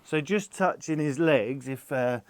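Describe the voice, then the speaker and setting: A calm, gentle man explaining how he gets a nervous horse used to having its legs touched, talking patiently as he works. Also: mid-range voice, measured pace. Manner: calm, gentle, patient, soothing the animal softly. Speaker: farm animal carer. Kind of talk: explaining while handling a horse.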